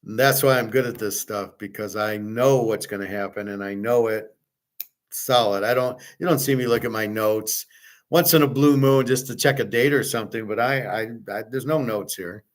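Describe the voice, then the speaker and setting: A man's voice: fairly low pitch, normal speed. Rambling blunt middle-aged man talking casually. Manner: rambling, blunt, repeats himself, swears. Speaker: host. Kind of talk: casual chat to viewers.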